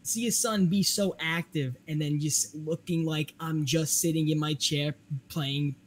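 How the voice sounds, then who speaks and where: A man with a New York accent, a podcast guest telling stories in a rambling, animated way with a lot of laughter. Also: on the high side, unhurried, slight background noise. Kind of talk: casual chat.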